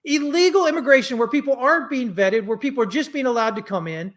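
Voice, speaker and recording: A man's voice: very high voice, a bit bright. An American man giving casual trading commentary in a blunt, ranting way, loose and conversational, full of fillers and restarts. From United States. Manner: blunt, ranting, quick to anger.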